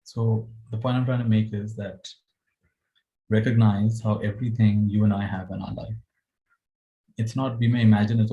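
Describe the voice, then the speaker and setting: A male spiritual teacher giving a gentle dharma talk, chuckling as he tells stories. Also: on the low side, steady tone, moderate pace, gravelly, pauses often, highs cut off.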